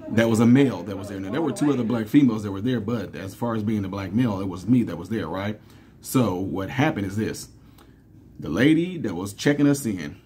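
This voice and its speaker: A man's voice: fairly low pitch, mellow, slightly rough. A man in his thirties talking casually to viewers in a commentary vlog, telling stories with fillers and laughing often. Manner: conversational, storytelling, laughs often, many fillers. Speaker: commentary vlogger.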